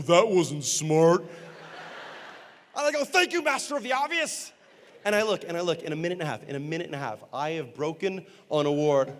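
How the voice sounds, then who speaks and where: A man with a fairly high voice tells a funny story on stage, jumping into character voices and poking fun at himself. The sound carries a long reverb from a large hall. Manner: animated, acts out characters with quick voice changes; self-deprecating comic timing. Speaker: motivational speaker and entertainer. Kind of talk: humorous storytelling keynote.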